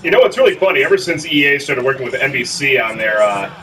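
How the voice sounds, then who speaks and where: A man's voice: medium pitch, fast talker, far from the mic, noisy background. A man in his thirties with a Minnesotan accent, hosting a gameplay video and joking around. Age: 30s. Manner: jokey, plays up a hammy local accent. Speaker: gaming video host. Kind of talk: casual gameplay commentary.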